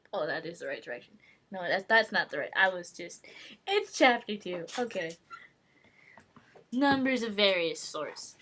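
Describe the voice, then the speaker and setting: A woman's voice: medium pitch, lively intonation, moderate pace, a bit bright. A young woman vlogging casually to her viewers, rambling and joking at her own expense with frequent giggles. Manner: rambling, self-mocking, giggly. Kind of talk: casual webcam monologue.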